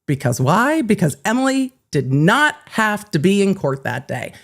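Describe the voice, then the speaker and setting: Animated, sarcastic woman host. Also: medium pitch, a little slow. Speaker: lawyer and legal commentary host. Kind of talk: casual storytelling commentary.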